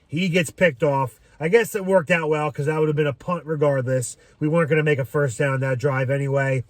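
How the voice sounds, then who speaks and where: A man's voice: fairly high pitch, fairly even intonation, a little fast, no room sound. Dry-sounding rambling fan guy. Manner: rambling, frequent "um", swears freely. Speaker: sports fan commentator. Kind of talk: casual fan reaction vlog.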